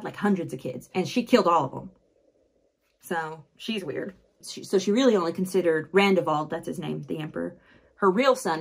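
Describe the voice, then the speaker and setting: Chatty female vlogger, casual book recap while doing her makeup, lots of fillers. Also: medium pitch. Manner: chatty, animated storytelling with many fillers.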